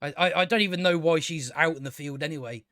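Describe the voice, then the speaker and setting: A man's voice: fairly high pitch, fast, bright, forceful tone, no echo, studio quality. Exasperated man ranting a review. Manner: ranting, exasperated, stumbling restarts and swearing. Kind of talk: casual spoken review.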